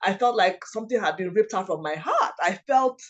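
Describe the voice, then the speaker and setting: A woman, a mother of several children, telling a personal story in a halting, emotional way, often restarting her sentences. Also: mid-range voice, expressive, muffled recording. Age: adult mother of several children. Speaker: guest sharing a personal story.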